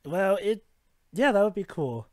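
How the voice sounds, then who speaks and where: A man giving casual, excitable movie commentary with friends. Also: high voice, a little slow, no room sound, clean studio sound.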